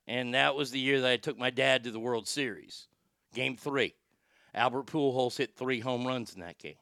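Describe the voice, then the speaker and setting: A middle-aged man from Texas hosting a talk show, telling stories in a profane, animated, rambling way. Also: mid-range voice, normal speed, no room sound, clean studio sound. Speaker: podcast host, former sports broadcaster. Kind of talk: casual storytelling monologue.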